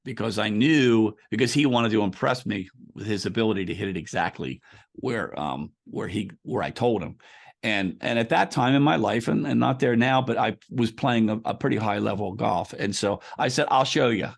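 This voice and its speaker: Gravelly-voiced man telling a story. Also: lowish voice, normal speed. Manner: explains ideas through a long personal anecdote, with frequent restarts. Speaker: author and coach as a guest. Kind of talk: conversational podcast interview.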